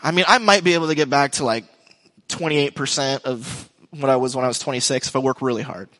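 A man's voice: medium pitch, fast talker, a bit bright. A middle-aged man preaching a sermon in a loose, conversational way, full of restarts and asides. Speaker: pastor. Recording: long hall reverb.

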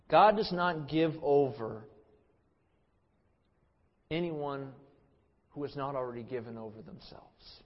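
A man preaching an expository Bible sermon, stressing words loudly and then trailing off quietly, often repeating himself. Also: medium pitch, slow, pauses often. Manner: emphatic, swings between loud stresses and quiet trailing phrases, repeats words. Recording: dull sermon recording with long hall reverb.

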